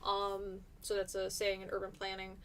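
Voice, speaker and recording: A woman's voice: mid-range voice, completely flat delivery, moderate pace, fairly bright tone, a little hiss or hum. A woman teaching a live-streamed class, chatty and encouraging as she reads out and answers her students' comments.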